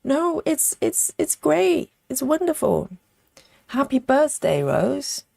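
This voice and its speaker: A woman's voice: high-pitched, big pitch swings, slow pace, gravelly, dark tone, dry recording. A woman hosting a live stitching stream in a casual chatty way. She reads viewers' comments aloud and counts stitches as she works. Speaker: livestream host stitching live.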